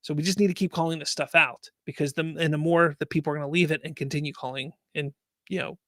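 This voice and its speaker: A man's voice: fairly high pitch, fairly even intonation, quick pace, bright, forceful tone, dry recording, clean studio sound. A man hosting a live fan news stream, reading chat comments aloud and ranting with exasperated rhetorical questions.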